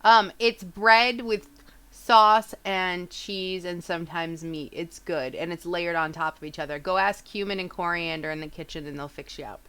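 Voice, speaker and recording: A woman's voice: lowish voice, fairly even intonation, moderate pace, a bit bright, smooth. A woman playing a tabletop game, speaking playfully and bluntly, at times in character. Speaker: player. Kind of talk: casual chat.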